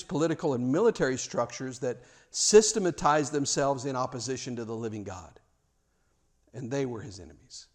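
A man preaching a sermon; he is animated, often stammers and restarts, and acts out the scenes he tells. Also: medium pitch. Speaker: pastor.

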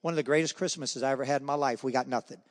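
This is a middle-aged man with a mid-range voice and fairly even intonation, delivering his words rapid-fire. He's the guest speaker at a men's breakfast, offering a personal testimony in story form and acting out voices, all captured in an echoey hall.

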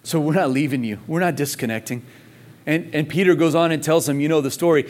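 A man's voice: a little high, a little fast, darkish tone. A man preaching a sermon in a casual, conversational way, full of rhetorical questions and emphasis. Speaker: pastor. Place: church service in Texas.

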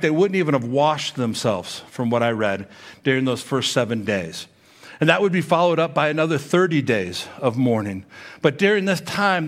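A man preaching a sermon with a slightly higher-than-usual voice. He reads scripture aloud and then explains it in a plain, chatty way, often pausing to check in with his listeners. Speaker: pastor.

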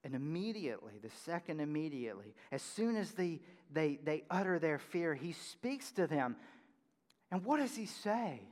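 A man preaching a sermon as pastor, animated, swinging between loud emphasis and hushed near-whispers. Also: a little high, moderate pace, big-room sound.

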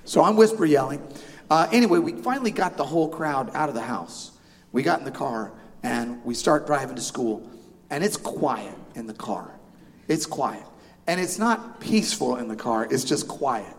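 A man's voice: mid-range voice, animated, moderate pace, slight background noise. A middle-aged man preaching a sermon, telling a family story with self-deprecating humor and asides to the congregation. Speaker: pastor. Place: church sanctuary. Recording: long hall reverb.

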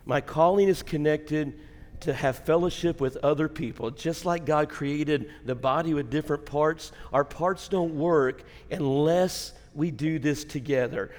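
A high-pitched man delivers a sermon from the pulpit. He works a comic story with lively, acted-out energy before turning to the message. His voice carries a long church-hall reverb. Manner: animated storyteller who acts out his wife's yelling. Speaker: pastor. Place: church sanctuary.

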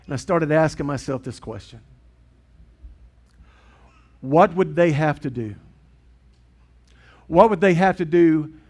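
A middle-aged man preaching a sermon in a church, earnest and swinging from loud to hushed. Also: a little high, slow pace, pauses often. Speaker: pastor. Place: church sanctuary with congregation.

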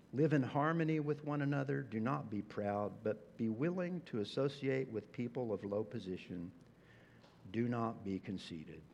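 A male pastor delivering a sermon, animated and expressive, sometimes acting out incredulous reactions. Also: mid-range voice, in a large hall, a little hiss or hum.

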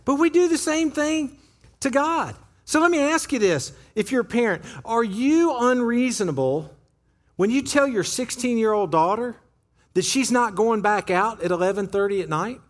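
Pastor, male, lively sermon delivery with a high, swooping voice, talking straight to the congregation. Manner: animated, conversational preaching with acted-out quotes. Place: church sanctuary.

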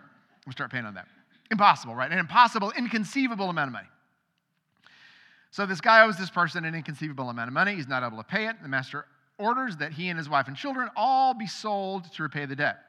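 A man's voice: fairly high pitch, sing-song, quick pace, bright, forceful tone, long reverb tail. A male pastor giving a sermon in a conversational way, acting out the voices of people in the stories he tells. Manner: conversational, acts out quoted voices.

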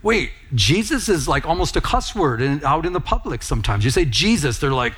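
A man's voice: a little high, sing-song, brisk, a bit bright, slightly rough. A middle-aged man preaching a sermon as pastor, telling personal stories in an earnest, conversational way.

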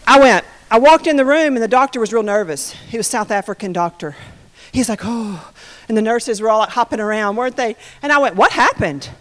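A woman giving a sermon testimony, telling her story in an animated way and acting out the quotes. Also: a little high, brisk. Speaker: preacher. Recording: reverberant hall.

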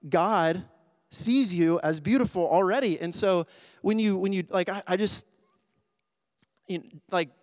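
A man with a somewhat high voice delivers a sermon in an earnest, conversational way. He often restarts his sentences and fills with "like," and at times sounds emotional. The recording is close and dry, with no room sound. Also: a little slow, pauses often, dry recording. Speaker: pastor.

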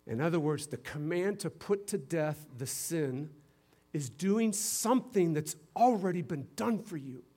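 A male pastor preaching a sermon, swinging from loud emphatic bursts down to hushed low passages, with playful teacherly asides. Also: lively intonation, a little slow.

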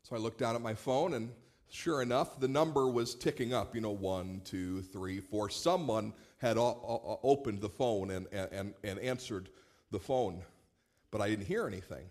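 A man, a pastor, preaching a sermon in a relaxed, storytelling way with light humor. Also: fairly low pitch, normal speed. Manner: conversational storytelling with warm humor.

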